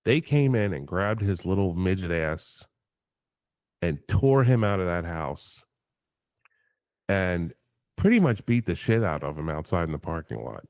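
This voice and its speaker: A man telling a story on a casual livestream, animated and profane, acting out the quotes in his tale. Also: low-pitched, unhurried, pauses often, no echo. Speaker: guest.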